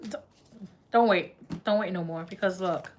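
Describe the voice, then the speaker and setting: A woman's voice: lowish voice, moderate pace, background noise. A woman doing a live tarot reading in a chatty, laughing, slangy way. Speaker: tarot reader.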